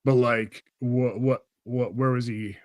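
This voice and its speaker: A young man chatting on a podcast, with a middle-pitched voice and a rambling, profane delivery. His talk is loose and full of fillers, and the sound is dry and close with no room around it. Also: fairly even intonation, slow pace, darkish tone, dry recording. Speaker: podcast host. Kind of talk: casual chat.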